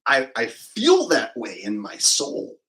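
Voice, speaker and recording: A man's voice: medium pitch, huge pitch swings, takes it slowly, a bit bright, low-quality recording. A man livestreaming, chatting casually and jokingly with his viewers in a rambling, off-the-cuff way. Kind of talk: casual chat with live viewers.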